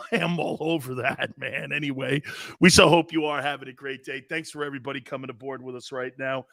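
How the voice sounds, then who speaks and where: A man hosting a sports talk show, giving animated, sarcastic, ranting opinions. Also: medium pitch, a little fast, vocal fry, dry recording, studio quality.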